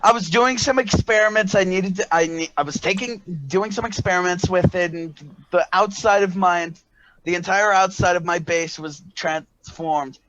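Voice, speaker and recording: A man's voice: high voice, a bit bright, no room sound, dull audio, voice pushed up. A man voicing a worried male scientist who rambles through an explanation with restarts. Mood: anxious. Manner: rushed, stumbling explanation.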